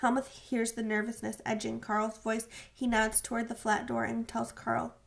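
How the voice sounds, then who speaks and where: Gravelly-voiced woman narrating an audiobook. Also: fairly high pitch, monotone, normal speed, few pauses.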